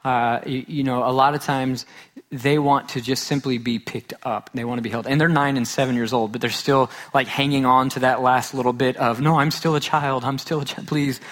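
A man's voice: mid-range voice, flat delivery, normal speed, fairly bright tone. A man in his thirties preaching a sermon in an earnest way, repeating phrases for emphasis. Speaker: pastor.

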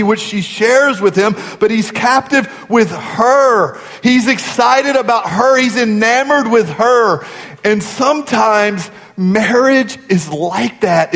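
Heard through long hall reverb, a man in his forties with a high, slightly bright voice preaches. The pastor tells his sermon earnestly, like a conversational story.

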